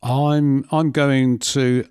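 A man co-hosting a casual football podcast who teases his partner and fires off quick questions. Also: mid-range voice, little pitch movement, a little mellow, smooth, dry recording, studio quality. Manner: teasing, asks quick questions. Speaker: podcast co-host.

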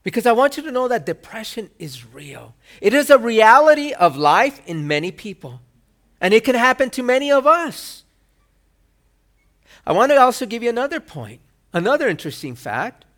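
A male pastor preaching a sermon. He asks rhetorical questions and acts out quoted lines with sudden loud bursts. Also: very high voice, big pitch swings, moderate pace.

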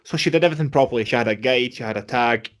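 A man's voice: mid-range voice, racing, a bit bright. A man co-hosting a casual chat, blunt and heated, swearing freely.

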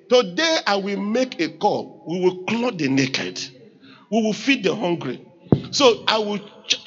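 High, lively Nigerian pastor preaching. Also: male voice, muffled recording. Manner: emphatic preaching, calls on the congregation to repeat lines. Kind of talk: sermon.

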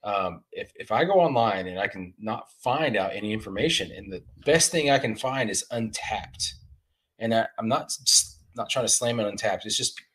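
A man co-hosting a casual beer podcast chat, talking in halting bursts with many restarts. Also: lowish voice, lively intonation, fairly bright tone, breathy edge. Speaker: podcast co-host.

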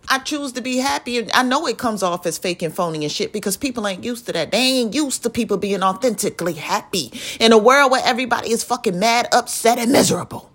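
Young woman vlogger, fairly high voice, profane and emphatic rant, venting straight to camera. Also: fairly bright tone.

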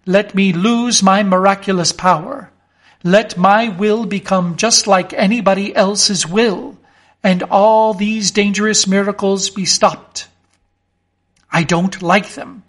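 A man voicing a frightened, timid male clerk who shouts in panic against a storm. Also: high voice.

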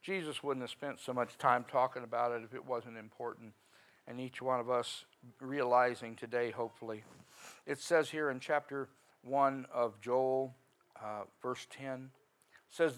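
A man preaching a sermon in a folksy, conversational way, swinging from quiet talk up to sudden loud rises. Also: mid-range voice, fairly even intonation, measured pace, low-quality recording.

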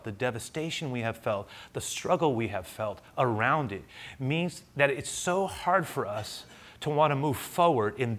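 A man preaching a sermon in a church in a mid-pitched, everyday voice. He talks in a loose, conversational way, tossing in asides and rhetorical questions to the congregation. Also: fairly bright tone. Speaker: pastor.

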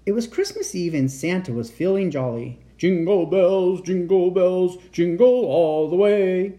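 A man reading a children's picture book aloud as a bedtime storyteller, expressive and animated. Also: mid-range voice.

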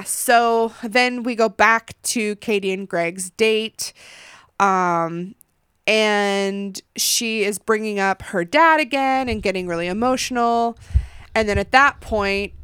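A young woman hosting a podcast, recapping a reality show in a casual, animated way, swearing and acting out what people said. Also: medium pitch, clear, resonant tone, no room sound, clean studio sound. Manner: animated, swearing, acts out quotes. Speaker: podcast host.

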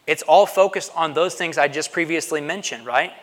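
In a large hall with long reverb, a pastor preaches at a moderate pace in a slightly high, somewhat bright voice. His sermon feels conversational, and he regularly asks the congregation "right?" to check in.

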